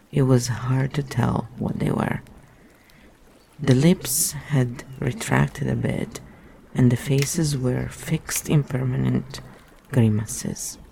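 A man's voice: medium pitch, gravelly, mellow, slight background noise. A man reading a book aloud and breaking off into rambling, musing asides. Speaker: reader.

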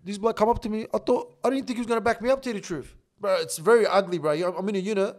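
A man telling a story in a casual interview, animated and full of slang and swearing. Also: high voice, racing. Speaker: guest.

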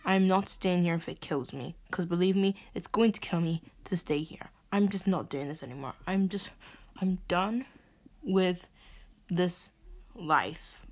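A woman's voice: lowish voice, unhurried, darkish tone. A young woman, venting and swearing as she hosts a podcast. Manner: exasperated ranting, swearing. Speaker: podcast host. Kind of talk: venting monologue.

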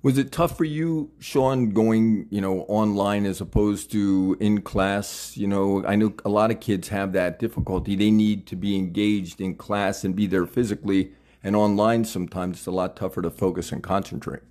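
Talkative man in his sixties, casual interviewer, eager and upbeat, a bit low-pitched. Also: fairly even intonation, moderate pace, few pauses, dark tone. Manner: chatty, enthusiastic, laughs often.

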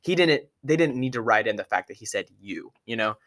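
A man co-hosting a casual movie podcast, enthusiastically retelling scenes with quick asides. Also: on the low side, lively intonation, a bit bright. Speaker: podcast co-host. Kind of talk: casual movie-review chat.

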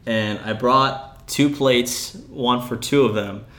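A man in his early twenties telling a story in casual chat as a podcast host, animated and laughing as he acts out what people said. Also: mid-range voice, slow pace. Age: 20s.

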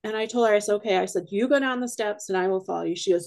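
Gravelly-voiced woman telling ghost stories. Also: medium pitch, fast talker, hardly any pauses. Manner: rambling, animated retelling with quoted dialogue. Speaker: guest, paranormal investigator. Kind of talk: casual podcast storytelling.

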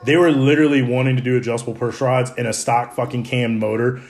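A man in his thirties hosting a podcast, telling profane, animated stories to friends in his kitchen. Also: mid-range voice, fast. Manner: profane, animated storyteller who laughs a lot. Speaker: podcast host. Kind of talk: casual storytelling among friends. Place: home kitchen.

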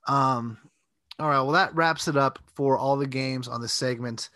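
A man co-hosting a casual sports podcast, talking in a relaxed, rambling way. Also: medium pitch, moderate pace, no room sound. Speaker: podcast co-host.

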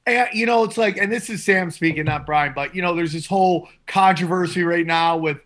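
Comic co-host, bright and forceful, crude, hedges with "uh" and "you know". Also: male voice, sits high, fairly quick. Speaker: comedian podcast host. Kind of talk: casual chat.

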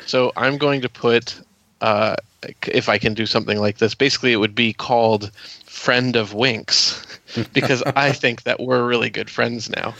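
A man player explaining his moves in a tabletop role-play, slow and hesitant. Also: medium pitch, fairly even intonation, gravelly, sharp tone, no room sound. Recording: dull lo-fi audio.

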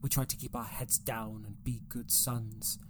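An actor playing a cold, manipulative male ship computer who speaks in a calm, coaxing, measured way. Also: lowish voice, background noise, close to an everyday voice. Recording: music playing under the voice.

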